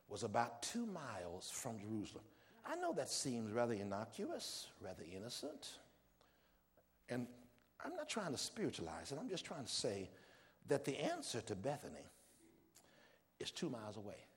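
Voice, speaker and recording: A pastor preaching a sermon in a church, fervent and building to shouted exhortations. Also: male voice, high-pitched, in a large hall.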